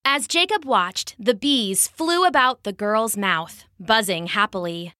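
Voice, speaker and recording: A woman narrating a children's story in an animated, expressive storytelling manner. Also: medium pitch, measured pace, hardly any pauses, no echo, studio quality.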